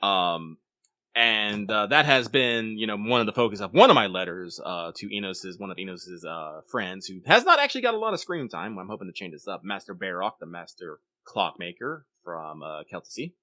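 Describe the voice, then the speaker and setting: A man co-hosting a podcast in casual chat, rambling and animated, swearing offhandedly and often restarting his sentences. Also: low-pitched, moderate pace, dry recording. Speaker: podcast co-host.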